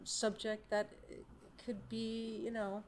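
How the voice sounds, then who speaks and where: A woman's voice: medium pitch, completely flat delivery, slow pace, a little mellow, slight background noise. An American woman who was a stand-up comic, chatting as a guest with self-deprecating jokes. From United States. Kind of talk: casual chat.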